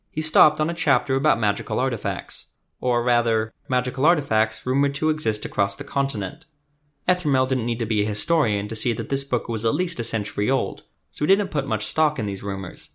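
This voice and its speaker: A man's voice: mid-range voice, brisk, fairly bright tone. Man narrating a fantasy tale. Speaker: podcast host and narrator.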